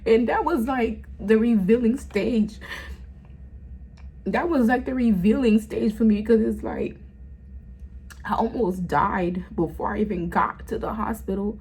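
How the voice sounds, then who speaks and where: Slow gravelly-voiced woman telling a story. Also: fairly high pitch, a little mellow, rough recording. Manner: halting, repeating herself, voice rising and falling with feeling. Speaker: vlogger. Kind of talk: emotional story time.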